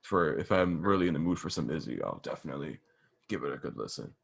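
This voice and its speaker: A man's voice: a bass voice, lively intonation, quick pace, gravelly, husky. A man co-hosting a music podcast in crude, rambling casual chat, full of "like". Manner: crude, rambling, heavy use of "like". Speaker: podcast co-host.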